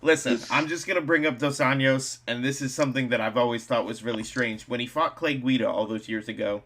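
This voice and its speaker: Male podcast host: bright, sharp tone, joking and quick to laugh. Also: mid-range voice, steady tone. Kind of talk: casual podcast chat.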